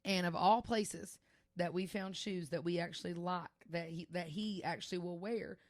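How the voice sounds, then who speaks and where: A young woman with a lowish voice speaks at normal speed in a clean studio recording with no room sound. She co-hosts a podcast, chatting casually and telling animated stories punctuated by frequent laughter.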